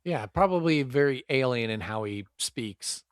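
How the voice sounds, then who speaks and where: A man's voice: mid-range voice, lively intonation, normal speed, no echo, studio quality. A man running a tabletop game, chatting casually and rambling with many fillers as he brainstorms a character. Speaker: game master.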